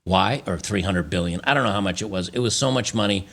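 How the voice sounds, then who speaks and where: A man from the United States delivers an opinion commentary, reading news excerpts aloud and reacting between them. His voice sits low and has a gravelly, creaky edge. He trips over words and restarts often. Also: fast talker. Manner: animated, stumbles and restarts while reading. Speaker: channel host.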